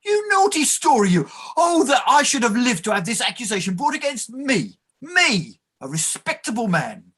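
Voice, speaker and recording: A woman voicing a blustering elderly male clerk in a play reading, husky and sputtering. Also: fairly high pitch, big pitch swings, normal speed, a bit bright, exaggerated voice. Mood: outraged. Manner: outraged then fawning, sputtering.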